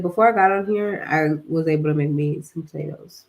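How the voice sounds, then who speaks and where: A woman's voice: low voice, fairly quick, vocal fry, hardly any pauses. A young woman, tired from a workout, hosting a casual spiritual livestream, rambling with lots of fillers and slang. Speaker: livestream host.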